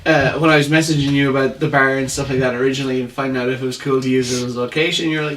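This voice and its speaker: A man's voice: medium pitch, steady tone, very fast, few pauses, a bit bright. A man guesting on a podcast who tells stories chattily, acting out past conversations. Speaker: actor guest. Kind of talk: casual chat. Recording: distant mic with faint background noise.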